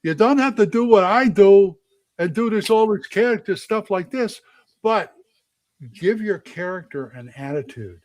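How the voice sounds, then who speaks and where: A man co-hosting a relaxed gaming talk show, speaking in a slightly high voice. He tells stories animatedly, popping into character voices. The sound is close and dry, with no room around it. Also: measured pace, dry recording. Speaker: podcast co-host and game master. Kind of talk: casual chat.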